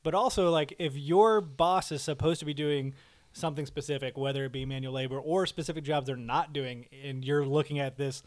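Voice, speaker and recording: A man co-hosting a podcast in casual chat, animated and quick to slip into playful voices. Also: fairly high pitch. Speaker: podcast co-host.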